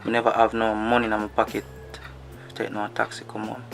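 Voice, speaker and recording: A man's voice: fairly low pitch, completely flat delivery, fairly quick, vocal fry, a bit bright, slight background noise. A man with a Jamaican accent playing a young man who confides in a friend and then comforts her, talking casually in patois. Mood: confiding. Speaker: actor. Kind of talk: Jamaican patois movie acting.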